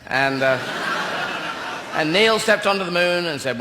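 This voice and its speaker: A comic with a high-pitched voice rambles through a stand-up routine, swearing and chuckling at his own asides. His voice echoes around a live venue, with heavy background ambience. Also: expressive, slow pace, background noise. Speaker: comedian.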